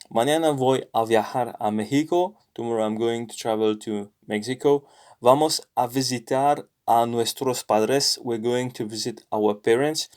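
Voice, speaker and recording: A man with a British accent walks through a language lesson out loud, thinking as he goes, pausing often and correcting himself. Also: medium pitch. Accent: British English. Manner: thinking aloud, explains patiently with many pauses and self-corrections. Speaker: language learner sharing lessons. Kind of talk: screen-recorded lesson walkthrough.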